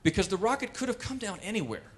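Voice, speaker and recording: A man performing wry, animated stand-up comedy on a cultural center stage. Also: sits high, fast talker. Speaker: comedian and pianist.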